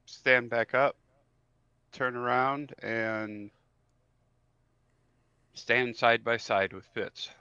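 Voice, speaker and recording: A man plays a tabletop game, laying out each move slowly with many ums and pushing back on rulings. His tone is bright and a little tense. The mic sounds dry and somewhat dull. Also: medium pitch, steady tone, clean tone, dry recording. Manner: halting, full of ums, questions the rules. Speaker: player. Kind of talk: casual tabletop game play.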